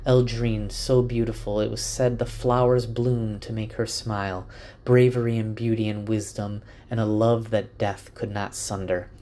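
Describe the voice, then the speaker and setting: A man voicing a commanding woman sorceress who speaks gravely, like telling an old legend. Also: lowish voice, little pitch movement, measured pace, dark tone, lightly acted. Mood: solemn. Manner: grave, storytelling cadence.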